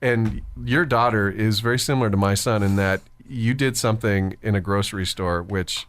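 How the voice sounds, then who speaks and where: A man's voice: lowish voice, fairly bright tone, clean tone. A man, co-hosting a voice-over podcast in a chatty, storytelling way. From Canada. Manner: chatty storyteller, quick bursts, laughs easily. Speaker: podcast co-host, voice actor. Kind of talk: casual chat.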